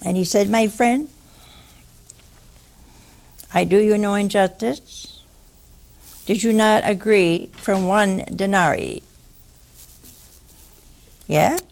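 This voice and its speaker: Slow gravelly woman preaching. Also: medium pitch. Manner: teasing, animated storytelling with quoted voices. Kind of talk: sermon with storytelling.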